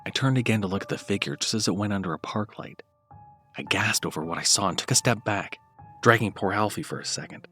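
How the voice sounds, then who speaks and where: A man reading a first-person horror story aloud in a dramatic scripted narration, dropping to soft low murmurs and lifting louder at tense moments. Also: expressive, quick pace, soft background music.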